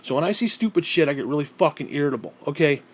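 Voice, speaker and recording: Irritable male vlogger, profane rant, fairly high voice, heavy sighs. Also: expressive, racing. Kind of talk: angry ranting monologue.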